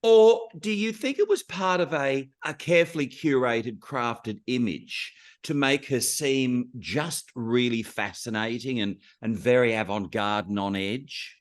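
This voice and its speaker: An interviewer asking a guest questions in an engaged, expressive way. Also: medium pitch, measured pace, few pauses.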